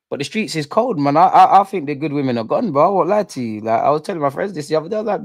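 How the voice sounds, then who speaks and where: A man's voice: a little high, big pitch swings, fast, no echo, clean studio sound. A young man doing live, jokey, slang-filled football watch-along banter with his chat. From England.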